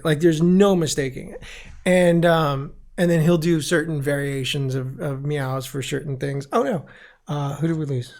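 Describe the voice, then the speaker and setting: Gravelly man hosting a jokey chat. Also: fairly high pitch. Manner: laughing often, animated with quick impressions. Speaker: host. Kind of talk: casual panel chat.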